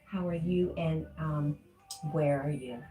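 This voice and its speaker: A middle-aged woman hosts a relaxed livestream, reading viewers' messages aloud and answering them with easy laughter. Her voice sits low and mellow. The room is echoey, with faint music playing underneath. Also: slow pace. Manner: reads chat messages aloud and chats back, laughing often. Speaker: livestream host reading chat. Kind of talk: casual livestream chat.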